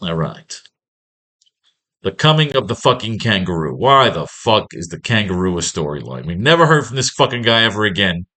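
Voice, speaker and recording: A man's voice: fairly low pitch, big pitch swings, moderate pace, bright, forceful tone. A man teaching a comic-writing class, recapping an old story in a rambling, sarcastic and profane way.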